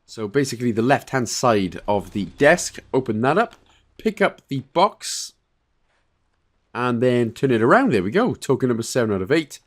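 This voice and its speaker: A relaxed man in the middle of a casual game walkthrough, talking through each step at an easy pace. His pitch rises and falls a lot as he explains, and he often pauses with fillers or corrects himself mid-sentence. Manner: relaxed, chatty, with frequent fillers and self-corrections. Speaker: game guide creator.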